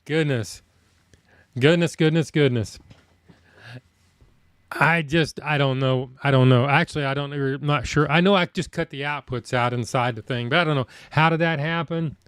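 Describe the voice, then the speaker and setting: A man's voice: a little high, normal speed, fairly bright tone, clear, resonant tone. A man hosting a live stream, chatting casually with viewers and muttering to himself while fixing his audio.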